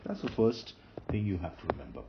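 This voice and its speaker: In a fairly low, animated voice, a man briskly teaches Hebrew grammar at a board, writing as he explains. He patiently repeats important terms and restarts his phrases. The sound quality is dull and lo-fi with a little background noise.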